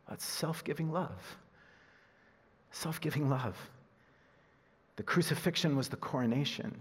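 A male pastor delivers a lively sermon with a slightly husky, breathy voice, jumping from loud emphatic lines to quiet, low asides. His voice rings out with the long reverb of a large hall. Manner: animated, swings from loud emphasis to hushed asides, laughs at himself.

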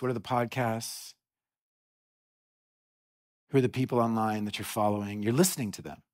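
A middle-aged man preaching a sermon in a church, telling a story with animated energy and frequent restarts. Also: medium pitch. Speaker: pastor.

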